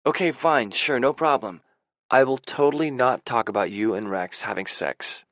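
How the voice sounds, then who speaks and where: A man's voice: mid-range voice, moderate pace, dry recording, clean studio sound, natural voice. A man voicing an eager, gossipy eighteen-year-old guy who teases and gushes, heard in an audiobook. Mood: gushing. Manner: excitable, teasing, gushing.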